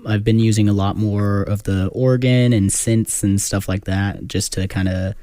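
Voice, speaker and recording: A man hosting a casual chat with a friend and former bandmate, relaxed and joking. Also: on the low side, normal speed, no room sound.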